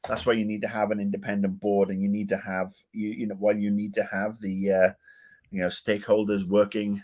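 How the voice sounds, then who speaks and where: Middle-aged British co-host, low-pitched, ranty, rambling, swears. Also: male voice, darkish tone. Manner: rambling, opinionated, swears, many restarts. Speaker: podcast co-host. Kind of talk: casual podcast chat.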